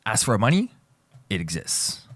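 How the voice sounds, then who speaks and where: A man with a husky, fairly low voice teaches a language lesson in a playful, teasing way. His delivery is lively and swings up and down, and he often repeats himself or corrects his own words mid-sentence. The sound is dry and close. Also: a little slow, no echo. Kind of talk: joking casual lesson.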